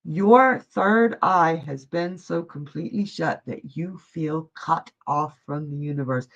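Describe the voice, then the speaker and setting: In an unhurried, deep voice, a woman hosts a live psychic reading stream, chatting in a folksy manner and calling viewers "honey" and "love." The stream audio sounds dull and lo-fi.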